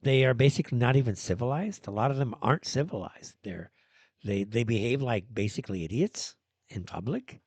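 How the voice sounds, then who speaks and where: A man's voice: medium pitch, animated, a little fast, a little mellow, slightly rough, no echo. Ranting male host, dry sound. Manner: ranting, sarcastic, with many fillers and restarts. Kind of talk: solo live-stream commentary.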